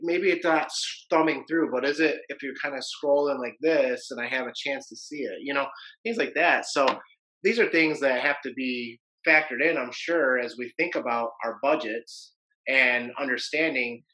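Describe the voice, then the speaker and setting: Bright-voiced man musing as podcast host. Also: medium pitch, moderate pace, poor audio. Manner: conversational, musing aloud. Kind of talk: casual interview.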